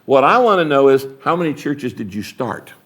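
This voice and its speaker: An older man who is retiring as a pastor appears as an interview guest, speaking at normal speed in a medium-pitched voice. His manner is emphatic, animated and preacherly, and he acts out little dialogues as he goes.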